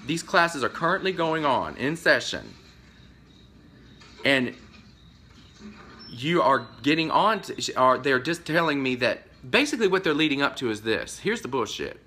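Bright-voiced man ranting about his job. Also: big pitch swings, measured pace, long pauses, a little hiss or hum. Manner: rambling, acts out both sides of a conversation; emotional, pitch jumps up when upset. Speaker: vlogger telling of being fired. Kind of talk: casual storytelling rant.

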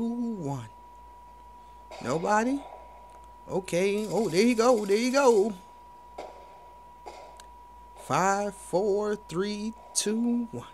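A young man commentating his own video game match for viewers, playful and hyped, with sudden loud exclamations. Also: sits high, a little hiss or hum. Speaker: gaming YouTuber. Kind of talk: live gameplay commentary.

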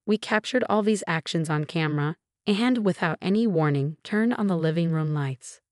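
Woman narrator, scripted storytelling, steady and even, lowish voice, dry close recording. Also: normal speed, dry recording.

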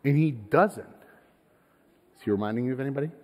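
A pastor preaching a sermon in a lively, conversational way, posing rhetorical questions to his congregation. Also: medium pitch, brisk, big-room sound. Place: church sanctuary.

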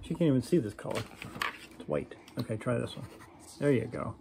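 A man's voice: medium pitch, fairly quick, vocal fry, noisy background. A grandfather in a casual home video, playfully coaxing and warning small grandchildren. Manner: playful, coaxing, warns the kids.

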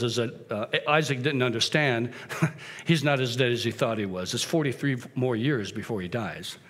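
A man giving a sermon as a guest preacher, retelling the story casually and acting out the characters' voices. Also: mid-range voice.

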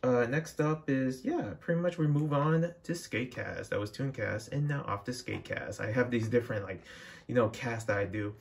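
A young man talks to his viewers in a loose, rambling vlog style, restarting his sentences and leaning on fillers. His voice sits at an ordinary middle pitch. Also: moderate pace, gravelly. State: dry throat, out of breath. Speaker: vlogger. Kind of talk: casual chat to camera.

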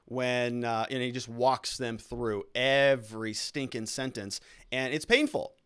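A man's voice: mid-range voice, steady tone, measured pace, a bit bright, clear, resonant tone. A man hosting a show, giving casual legal commentary on courtroom testimony and explaining it step by step. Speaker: lawyer hosting a trial analysis show.

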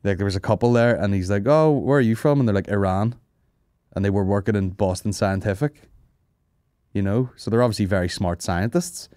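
A man's voice: lowish voice, fairly even intonation, a little fast, mellow, dry recording, clean studio sound. A man hosting a comedy podcast, telling rambling, sweary stories, laughing and mimicking people. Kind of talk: casual storytelling chat.

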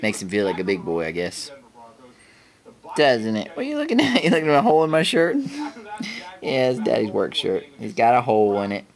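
Young dad, home video, teasing tone, lots of pitch movement. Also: male voice, wildly swooping pitch, brisk, pauses often. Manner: playful, teasing, chuckling. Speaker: father. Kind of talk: home video, talking to his baby.

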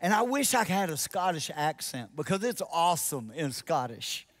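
Man, 50s, pastor, storytelling sermon, slightly high voice, soft intense asides. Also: sing-song, normal speed.

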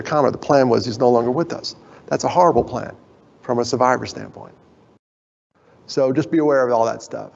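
A man's voice: mid-range voice, vocal fry, breathy edge. Man telling stories in a reverberant hall. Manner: animated, self-deprecating storyteller. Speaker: conference speaker. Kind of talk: personal storytelling talk. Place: conference hall. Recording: dull recording, long hall reverb.

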